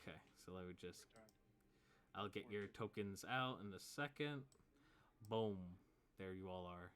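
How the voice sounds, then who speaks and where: A man running a tabletop game as game master, casual and rambling, with quick sound-effect interjections. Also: low voice, fairly bright tone, clear, resonant tone.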